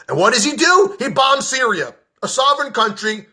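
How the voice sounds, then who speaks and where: High, bright-voiced man ranting angrily. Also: big pitch swings, moderate pace, few pauses. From United States. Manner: heated, profane, sarcastic. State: agitated. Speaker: veteran political commentator. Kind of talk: angry political rant.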